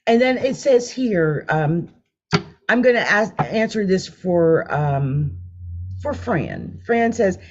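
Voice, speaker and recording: Woman tarot reader on a live stream: chatty, laughs a lot, very expressive pitch, muffled audio. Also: takes it slowly. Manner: chatty, animated, laughs often, hums while drawing cards. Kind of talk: live-stream card reading. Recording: dull lo-fi sound.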